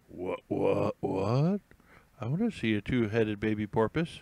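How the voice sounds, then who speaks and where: A man's voice: fairly low pitch, expressive, a little slow, gravelly, darkish tone, no echo. Rambling, jokey man on a live stream. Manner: rambling, jokey, self-mocking asides. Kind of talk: casual live stream, reading headlines aloud.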